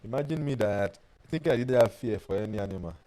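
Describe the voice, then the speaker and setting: Animated man coaching a webinar. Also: fairly low pitch, quick pace, low-quality recording. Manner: animated storyteller who reads out viewer comments. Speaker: life coach hosting a webinar. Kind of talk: webinar teaching with personal stories.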